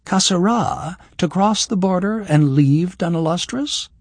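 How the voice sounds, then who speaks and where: Man reading as a young woman healer, storybook, raised pitch, dry close sound. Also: very animated, moderate pace, darkish tone, breathy edge, dry recording, exaggerated voice.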